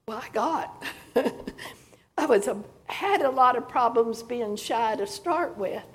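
A woman telling a personal testimony in church, hoarse and clearing her throat often, in a slow, folksy storytelling manner. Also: a little high, animated, slight background noise. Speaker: church speaker giving testimony.

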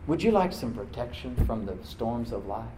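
A man preaching a sermon as pastor, talking conversationally and dropping to soft, prayerful tones. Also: medium pitch, big pitch swings, normal speed, noisy background. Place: church sanctuary. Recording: roomy hall, mic at a distance.

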